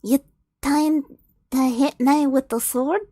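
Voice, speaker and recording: A woman's voice: high-pitched, fairly even intonation, takes it slowly, mellow, no echo, clean studio sound. A woman voicing a brutish male ogre who taunts and gloats over his victim while she reads a story aloud. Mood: mocking. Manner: mocking, gloating, menacing.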